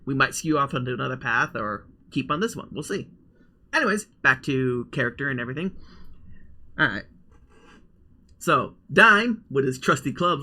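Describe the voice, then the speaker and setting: A man running a tabletop role-playing game as game master, animated and quick to laugh. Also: mid-range voice.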